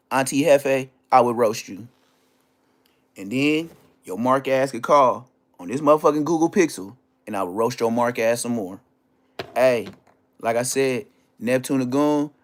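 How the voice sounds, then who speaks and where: A man hosting a livestream, delivering a heated, taunting, profane rant at a rival. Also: a bit bright. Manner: swings between low growls and high yelps. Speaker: livestream host. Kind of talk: ranting livestream monologue.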